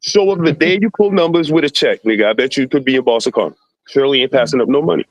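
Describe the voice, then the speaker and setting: A man speaks bluntly in a casual podcast chat, swearing freely and putting on the voices of people he quotes. His voice sits at an ordinary middle pitch. The sound is dry and close, with no room echo. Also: fast. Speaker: guest.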